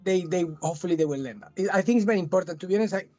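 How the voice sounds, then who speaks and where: A man's voice: high-pitched, rapid-fire, warm tone, faint music behind. A man in his thirties from southern Spain with a thick Spanish accent, chatting as a guest in a casual interview, often restarting and repeating words.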